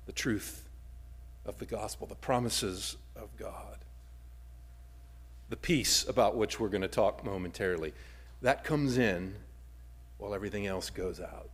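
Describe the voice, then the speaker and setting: Dynamic male preacher, loud to hushed. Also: lowish voice, slightly rough. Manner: dynamic preaching, swings from loud emphasis to near-whisper. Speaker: pastor. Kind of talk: sermon.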